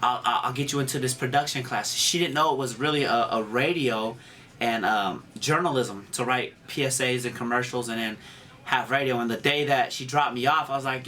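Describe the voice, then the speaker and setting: A man's voice: medium pitch, a little fast, sharp tone, a little hiss or hum. A man, a radio DJ, telling stories in a casual interview with laid-back street slang.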